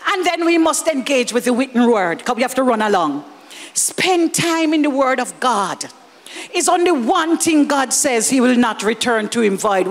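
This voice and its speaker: A woman with a Jamaican accent preaching a lively sermon, slipping into Jamaican Creole and chuckling as she speaks. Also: fairly high pitch, in a large hall, slight background noise. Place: church hall.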